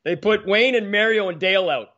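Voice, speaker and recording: A man around sixty, a sports talk host telling hockey stories in a casual, animated way, often repeating words as he goes. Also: high-pitched, fairly quick, highs cut off. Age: about 60.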